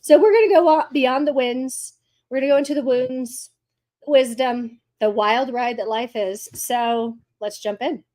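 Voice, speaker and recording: A woman's voice: high-pitched, unhurried, mellow. A woman hosting an interview podcast, upbeat, asking open questions. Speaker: podcast host.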